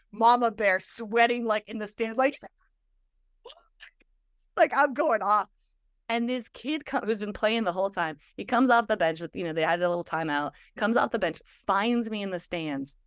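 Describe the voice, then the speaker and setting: A woman guest telling a story in conversation, animated and full of filler words. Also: a little high, no room sound, clean studio sound. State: emotional, near tears. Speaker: guest, stress physiologist and speaker.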